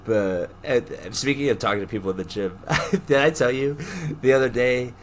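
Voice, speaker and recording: A young man co-hosting a podcast, telling stories in casual chat, animated, laughing often and acting out the people he quotes. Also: mid-range voice, brisk, a little hiss or hum. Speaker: podcast co-host.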